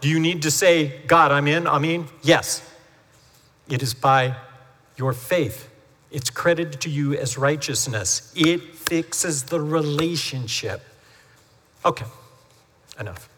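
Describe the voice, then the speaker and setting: Man preaching, fairly high bright voice, chatty storytelling sermon, long church-hall echo. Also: slow, long pauses. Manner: chatty storytelling with lively acted-out quotes. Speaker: family pastor. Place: church sanctuary.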